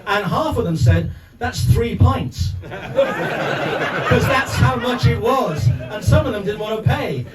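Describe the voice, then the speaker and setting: Rambling older man giving an after-dinner speech. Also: fairly high pitch. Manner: rambling, jokey anecdotes with frequent asides. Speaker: guest speaker presenting an award. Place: clubhouse function room with an audience. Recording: echoey room, mic at a distance, crowd noise.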